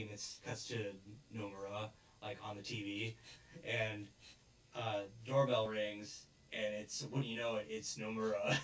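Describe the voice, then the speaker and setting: A man's voice: lowish voice, flat delivery, a little slow, fairly bright tone, echoey room, recorded from a distance. A man casually recapping an anime episode, rambling and chuckling often as he goes. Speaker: anime reviewer.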